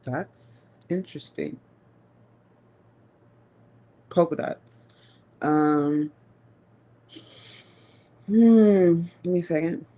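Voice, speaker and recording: Mellow-voiced woman reading tarot slowly. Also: on the low side. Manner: slow, musing, with long hums and pauses; casual and profane. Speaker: tarot reader.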